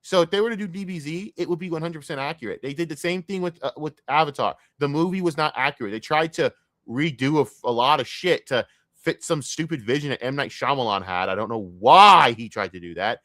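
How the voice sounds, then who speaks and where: A man ranting in a casual, profane stream rant, jumping from loud outbursts to low grumbling. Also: quick pace, dry recording, clean studio sound. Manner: profane, excitable, swings between loud outbursts and mutters.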